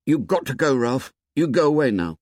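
A man voicing frightened boy twins who plead in hurried, lowered voices, in a storybook reading. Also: very animated, darkish tone, dry recording, clean studio sound. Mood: urgent, fearful.

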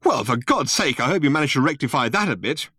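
A man voicing a panicky, indignant human castaway, speaking in shrill, exasperated outbursts. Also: big pitch swings, fast, fairly bright tone, husky, no room sound, clean studio sound. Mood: outraged. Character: panicky, indignant young-ish Englishman Arthur.

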